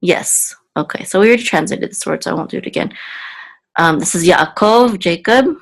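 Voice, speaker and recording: A woman teaching Hebrew reading word by word in a patient, halting way, thinking aloud with frequent ums and self-corrections. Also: fairly low pitch, gravelly, poor audio.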